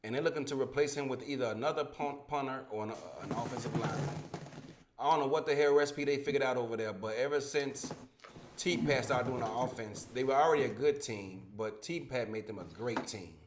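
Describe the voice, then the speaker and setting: A man hosts a casual sports podcast over a home microphone that has dropouts, talking in a profane, heated, rambling way with many restarts. His voice is mid-range and brisk, and there's background noise.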